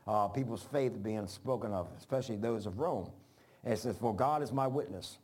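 A man's voice: fairly low pitch, normal speed, darkish tone, husky. A man preaching an informal sermon, folksy and rambling, repeating phrases for emphasis. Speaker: pastor.

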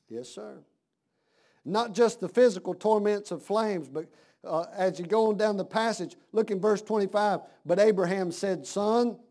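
A man preaching a sermon, dropping to a hush and then rising to shouts with slow, drawn-out emphasis. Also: high-pitched.

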